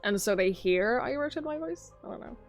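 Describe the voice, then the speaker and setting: A woman's voice: a little high, lively intonation, brisk. A young Norwegian woman streaming live and chatting with her viewers in a rambling, easygoing way, often laughing. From southern Norway. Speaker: livestreamer. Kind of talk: casual chat with viewers. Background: faint background music.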